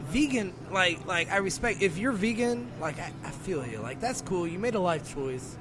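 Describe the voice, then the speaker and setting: A man co-hosting a radio show, ranting in an animated, exasperated way and laughing between complaints. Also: high-pitched, moderate pace, noisy background. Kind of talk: casual comedic rant.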